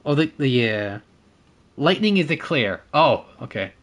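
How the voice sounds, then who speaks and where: A man's voice: medium pitch, big pitch swings, a little slow, very noisy. A man streaming a naval battle game, chatting with his viewers and teammates, thanking supporters and laughing often as he plays. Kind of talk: casual gameplay commentary.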